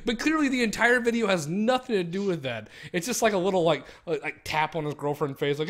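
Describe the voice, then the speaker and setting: A man's voice: sits high, animated, quick pace, hardly any pauses, fairly bright tone. A young man ranting profanely in casual chat on a stream, mocking others with exaggerated voices. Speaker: streamer co-host.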